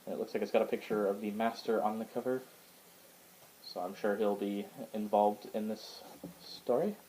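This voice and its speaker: A man with a fairly low voice talks through his new books in a loose, rambling show-and-tell. He hesitates often, restarts his sentences and fills the gaps with ums. A faint hum of the room sits behind him. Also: steady tone, normal speed, mellow, poor audio. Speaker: book collector showing his collection. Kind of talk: casual show-and-tell vlog. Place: indoors at home.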